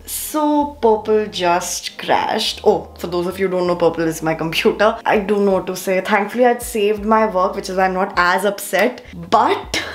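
A woman's voice: mid-range voice, normal speed, few pauses. A young woman with an Indian English accent, talking casually and straight to viewers as she vlogs at home. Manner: chatty, talks straight to viewers. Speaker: vlogger. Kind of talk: casual vlog chat.

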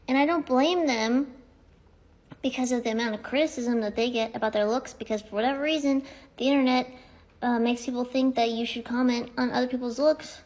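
A young woman vlogging to camera in a casual, rambling way, with a high voice that sounds like it comes from someone small. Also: a little mellow. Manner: chatty, rambling with many "like"s. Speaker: content creator. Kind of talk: casual talking-to-camera vlog.

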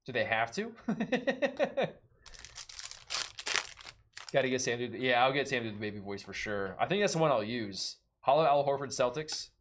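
A man's voice: mid-range voice, sing-song, moderate pace, long pauses, noisy background. A young man hosting a live card break, chatty and laughing often as he calls out cards. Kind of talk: casual live-stream chat.

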